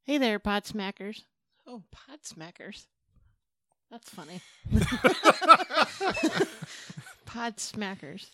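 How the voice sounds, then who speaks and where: A woman's voice: mid-range voice, lively intonation, slow. A woman from New England co-hosting a casual podcast, upbeat and pushy, reading out listener mail. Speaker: podcast co-host. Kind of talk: casual chat.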